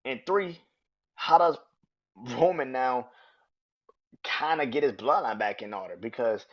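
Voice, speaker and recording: A man hosting a podcast, reviewing wrestling in excitable, profane casual chat and laughing often. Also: mid-range voice, a little slow, lo-fi sound. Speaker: podcast host.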